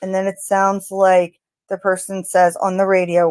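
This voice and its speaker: A woman's voice: medium pitch, completely flat delivery, moderate pace, darkish tone, smooth, no room sound. A woman narrating her analysis of crime-scene audio, speaking tentatively with fillers and speculation. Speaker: true crime commentator.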